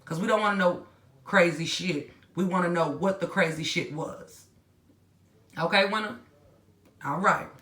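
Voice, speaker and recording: A woman's voice: fairly low pitch, a little slow, pauses often, a bit bright, echoey room. A woman hosting a commentary channel, talking bluntly and in slang straight to her viewers, scolding and then winding down. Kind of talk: casual reaction commentary.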